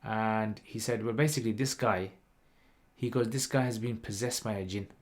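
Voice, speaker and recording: A man, hosting a livestream and telling a story in a rambling, lively way with lots of fillers. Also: fairly low pitch, moderate pace. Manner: rambling, animated retelling with many "like" and "you know" fillers. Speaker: channel host.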